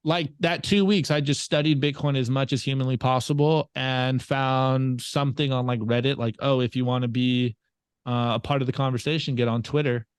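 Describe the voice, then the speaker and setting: A man's voice: medium pitch, normal speed, smooth, no room sound. Profane, rambling man from California. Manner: profane, rambling, animated storytelling. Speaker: guest. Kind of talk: casual interview storytelling.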